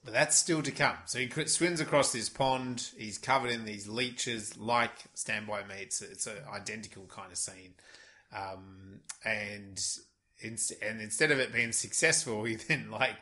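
Low, bright-toned man chiming in. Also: unhurried. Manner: chimes in, finishes his co-host's sentences, laughs along. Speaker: podcast co-host. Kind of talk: casual film recap chat.

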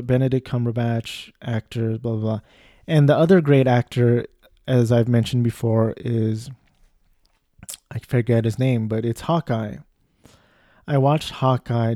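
A man with a mellow, dark voice rambles through a casual monologue and drifts off topic. He is recorded close in a dry, dead room. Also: medium pitch, no echo. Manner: digressive, lots of fillers and restarts.

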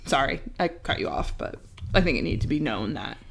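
A woman co-hosting a podcast in casual, chatty talk, quick to laugh and full of "like.". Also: very deep voice, very animated, gravelly, slight background noise. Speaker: podcast co-host. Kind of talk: casual chat.

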